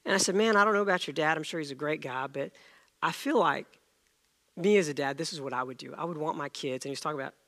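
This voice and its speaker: A middle-aged male preacher delivering a sermon through a personal story. His voice sits a little high for a man, with a bright, forceful tone and a gravelly rasp. He acts out the dialogue with animated shifts as he tells it. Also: fast talker. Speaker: pastor.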